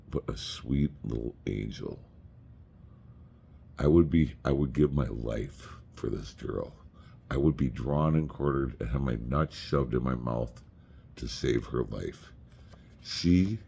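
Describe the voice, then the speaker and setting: A man's voice: a bass voice, gravelly, warm tone, breathy edge. A middle-aged man casually rambling through family photos, crude and joking as he tells stories. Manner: crude, joking, profane storyteller. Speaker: vlogger showing family photos.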